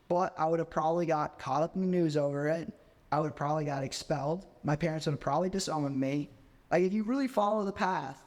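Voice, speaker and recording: A man's voice: fairly high pitch, big-room sound. A man in his twenties, a podcast guest, telling a story in a casual way and filling his speech with "like". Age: 20s. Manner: constant "like" fillers, animated.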